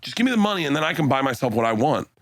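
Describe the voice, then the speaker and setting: A middle-aged man spins profane, rowdy stories on a podcast, jumping into a higher voice to play the friends he quotes. His voice sits at an ordinary pitch for a man. The mic is close and the room sounds dry and dead. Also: big pitch swings, rapid-fire, no echo. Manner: profane storytelling, acts out friends' lines in a high voice. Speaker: podcast guest. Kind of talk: casual podcast chat.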